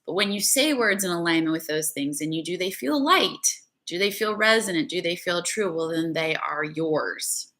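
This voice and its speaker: Bright-voiced woman giving an earnest coaching talk. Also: lowish voice, expressive, normal speed, few pauses. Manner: earnest, conversational, with frequent "right?" asides. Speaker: spiritual coach. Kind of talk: motivational talk.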